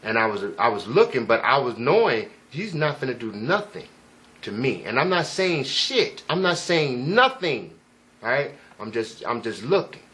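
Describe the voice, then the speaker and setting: A man's voice: medium pitch, sing-song, normal speed, bright, forceful tone. Rambling, profane man telling a story. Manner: rambling, profane, emphatic, frequent "you know what I'm saying". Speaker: vlogger. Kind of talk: casual first-person storytelling.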